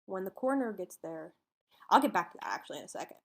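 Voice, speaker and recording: Husky gravelly woman telling a true crime story on a podcast, acts out the lines. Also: medium pitch, expressive, quick pace. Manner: retells the story by acting out its dialogue, informal grammar. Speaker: podcast co-host telling a case.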